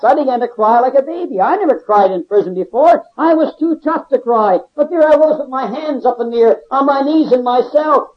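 A man giving a fervent testimony sermon as an ex-convict evangelist, preaching in a repetitive, rhythmic cadence. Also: very high-pitched. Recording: dull lo-fi recording.

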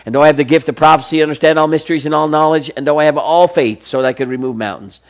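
A man preaching a sermon, reading verse after verse of scripture and swinging between soft, slow passages and emphatic, rising exclamations. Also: on the high side.

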